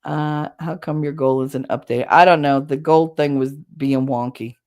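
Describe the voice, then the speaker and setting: A woman's voice: sits low, steady tone, measured pace, a little mellow. A woman hosting a livestream, talking casually and candidly with her chat, rambling and swearing now and then. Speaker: livestream host.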